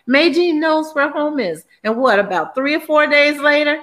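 An older woman co-hosting a podcast in casual chat, telling stories in a chatty, animated way. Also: high voice, normal speed, hardly any pauses. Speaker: podcast co-host.

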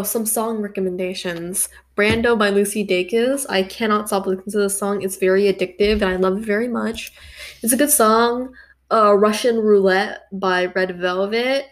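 A woman hosting a solo podcast, chatting casually in a rambling, self-deprecating way. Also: medium pitch. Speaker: podcast host.

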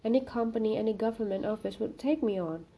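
A woman's voice: mid-range voice, fast talker, warm tone, husky. A woman voicing an earnest young male student pleading with his girlfriend, read in a storybook reading. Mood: insistent. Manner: pleading, insistent.

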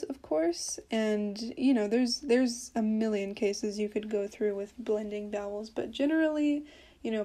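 A woman talks through a casual language lesson as the host of her own podcast. Her tone is mellow and warm, set a little high, and she fills her explanations with easygoing fillers. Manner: chatty, explains with many fillers. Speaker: podcast host teaching Portuguese.

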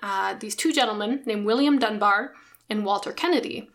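A woman co-hosting a comedy podcast, chatting casually and explaining history with lively asides. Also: medium pitch, moderate pace. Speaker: podcast co-host.

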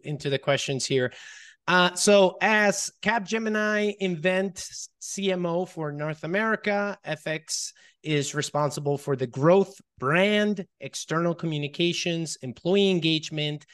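A man's voice: a little high, fairly bright tone. A man hosting an interview show who introduces his guest, reads a background bio aloud, and uses many fillers.

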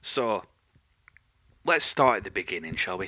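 Guy ranting on his podcast, low pitch, really bright cutting tone, swears constantly, goes off on tangents. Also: a little slow, a little hiss or hum. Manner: sweary, rambling, animated. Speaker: podcast host. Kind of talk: ranting monologue.

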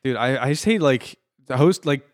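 Guy comic chatting, smooth voice, dry sound, laughs and swears a lot. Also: medium pitch, expressive, normal speed, dry recording. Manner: laughs often, swears, repeats words. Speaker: stand-up comic. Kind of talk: casual podcast chat.

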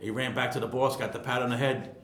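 A retired ironworker from Queens, New York, roughly sixty, rambles casually through stories as an interview guest, often repeating words. He talks fast in a steady, fairly bright tone. An echoey room and faint rumble color the audio.

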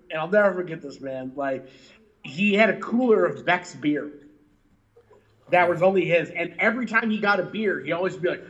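Musician guest, male, high voice, laughs and swears through his stories, dull lo-fi line. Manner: animated, laughing, swearing, lots of "like" and "you know". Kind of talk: storytelling in a casual interview. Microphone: remote call mic.

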